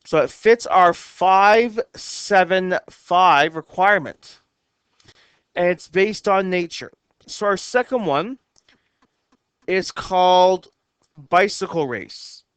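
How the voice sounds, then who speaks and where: Slow, careful man with a high voice. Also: fairly bright tone, smooth, no room sound. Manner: slow and careful, reads lines out word by word. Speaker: teacher. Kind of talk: explaining haiku syllable counts.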